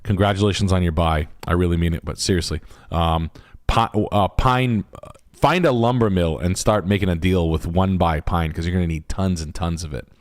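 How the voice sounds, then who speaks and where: Profane joking man, low voice. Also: moderate pace, no room sound, clean studio sound. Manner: crude, joking, swears a lot; blunt, advice-giving, profane. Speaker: host. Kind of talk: casual livestream chat.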